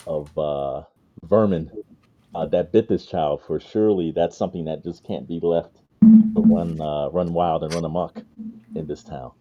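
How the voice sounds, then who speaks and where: A man playing a polite foreign adventurer in a tabletop game, speaking formally with halting fillers. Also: rumbling low, fairly even intonation, dark tone, dull audio, soft background music. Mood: earnest.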